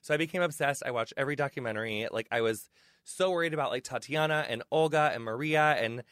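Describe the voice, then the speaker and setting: A man's voice: mid-range voice, fast talker, fairly bright tone, no room sound. A man hosting a podcast in a studio, chatting in an effusive, gushing way with lots of fillers. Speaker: podcast host. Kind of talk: casual chatty interview. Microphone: studio headphones and mic.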